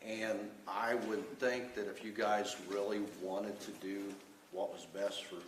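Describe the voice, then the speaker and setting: Low-voiced man speaking from a distance. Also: little pitch movement, unhurried. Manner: blunt, conversational, many fillers. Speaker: member of the public. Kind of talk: public comment at a meeting. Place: county board meeting room. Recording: distant mic, echoey room, noise.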